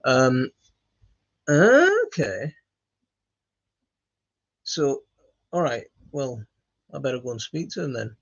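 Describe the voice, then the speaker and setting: A man hosting a gardening live stream, reading chat comments and answering in a halting, friendly way with lots of fillers and restarts. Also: mid-range voice, huge pitch swings, gravelly, no room sound. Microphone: phone. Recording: dry, dull lo-fi phone audio.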